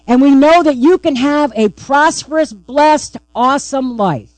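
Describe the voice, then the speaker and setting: A woman's voice: high-pitched, unhurried, darkish tone, no room sound, low-quality recording. A woman pastor preaching a sermon, emphatic and repeatedly asking the congregation "right?".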